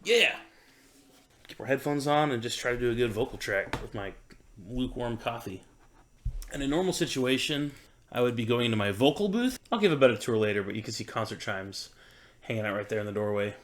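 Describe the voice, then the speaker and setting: A man's voice: mid-range voice, animated, fairly quick, a bit bright. A man musician thinking aloud in an easygoing, self-doubting way while he records in his home studio. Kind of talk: casual talk while recording.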